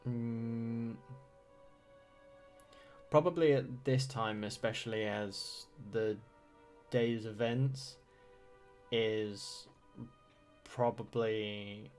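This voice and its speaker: A low-voiced man plays in a tabletop game, speaking very slowly. He hesitates and thinks aloud before he answers. Faint music plays behind him. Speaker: player. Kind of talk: casual tabletop game play.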